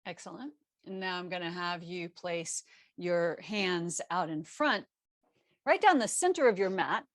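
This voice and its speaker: Calm woman cueing a yoga class. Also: fairly low pitch, a little slow, dry recording. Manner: calm cueing with self-correcting laughs. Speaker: yoga teacher. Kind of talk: live online yoga class instruction. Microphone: video call.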